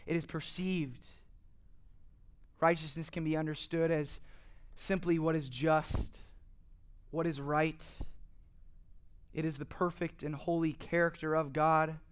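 A man preaching a sermon earnestly, asking rhetorical questions and building to emphatic passages. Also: fairly high pitch. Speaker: pastor.

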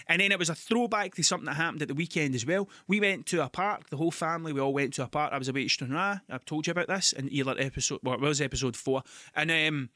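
A Scottish man hosting a podcast, telling stories in an animated, sweary, ranting way. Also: on the high side, fast talker, dry recording, clean studio sound. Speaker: podcast host. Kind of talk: casual monologue.

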